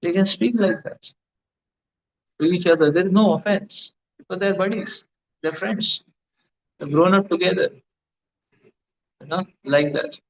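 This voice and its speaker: A man's voice: high-pitched, moderate pace, vocal fry, long pauses, slight background noise. A man giving a devotional lecture as a spiritual teacher, rambling with many fillers like "you know". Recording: dull lo-fi recording.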